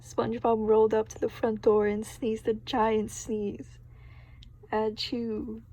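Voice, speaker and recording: A woman's voice: on the high side, level tone, a little slow, dark tone, no echo, low-quality recording. Giggly woman reading a storybook aloud. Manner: giggly, stops to react in surprise. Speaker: storybook reader. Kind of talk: reading a children's book aloud with commentary.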